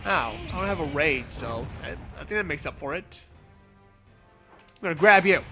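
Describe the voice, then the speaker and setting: A man giving excitable, playful gameplay commentary, yelling and teasing as he plays. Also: a little high, a little slow, faint music behind. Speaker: let's play commentator.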